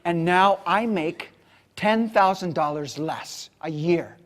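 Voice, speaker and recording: A man acting out an angry middle-aged audience member who shouts back at a speaker. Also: sits high, slow pace. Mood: furious. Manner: shouting, indignant, heckling.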